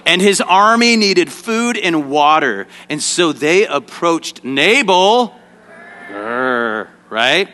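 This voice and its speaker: A children's ministry teacher with a bright, forceful voice on the high side conducts an interactive Bible lesson on a church stage, directing volunteers and calling on the kids in the audience to respond aloud. Echoey reverb fills the hall.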